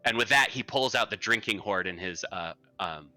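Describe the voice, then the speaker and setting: A man narrating a tabletop game as game master, in an animated, rambling way. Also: fairly low pitch, normal speed.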